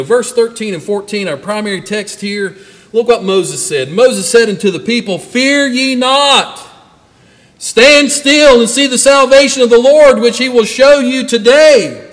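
A man's voice: high voice, a bit bright, big-room sound, poor audio. A man, a pastor, preaching a sermon emphatically, repeating phrases and acting out quotes.

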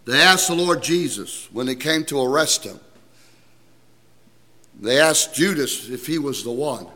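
A man's voice: mid-range voice, expressive, unhurried, long reverb tail. A man preaching a sermon to a congregation, emphatic and calling out for amens as he explains scripture. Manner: emphatic, calls for amens, rising to shouts.

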